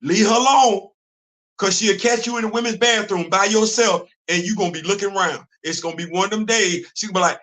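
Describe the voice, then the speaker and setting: A man hosting a casual live-stream chat about comics and culture, animated and repeating phrases for emphasis. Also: sits high, brisk, poor audio.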